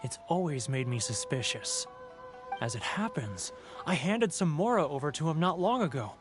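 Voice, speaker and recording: A man's voice: on the high side, wildly swooping pitch, moderate pace. A timid merchant eaten up by guilt and homesickness in a video game. He speaks in a slightly raised voice, sighing and pleading as he confesses. Faint game music plays underneath. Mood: confessing. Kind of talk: game voice acting.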